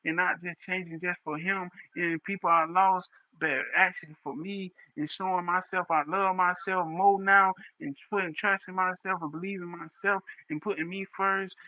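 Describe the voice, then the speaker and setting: A young man pours out a raw, impassioned livestream monologue, circling back to the same points again and again. His voice sits somewhat high for a man. The stream audio is dull and lo-fi. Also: no room sound. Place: livestream setup.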